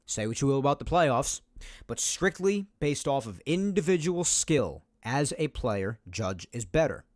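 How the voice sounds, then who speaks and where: A man's voice: medium pitch, sing-song, a little slow, no room sound, clean studio sound. A man hosting a solo sports podcast, making his points emphatically and repeating them to drive them home. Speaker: podcast host. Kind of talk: opinionated solo sports talk.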